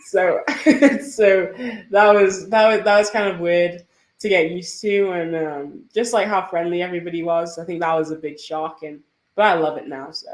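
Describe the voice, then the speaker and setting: A woman's voice: on the low side, normal speed. A young woman with an English accent, a podcast guest chatting casually and laughing often as she tells stories. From England. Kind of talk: casual interview chat. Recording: roomy echo.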